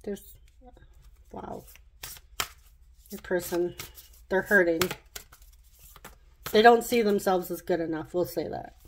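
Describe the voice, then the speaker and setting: A woman's voice: lowish voice, slow pace, pauses often, slight background noise. A woman giving a casual pick-a-card tarot reading, chatty and rambling, often laughing at herself as she works through the cards.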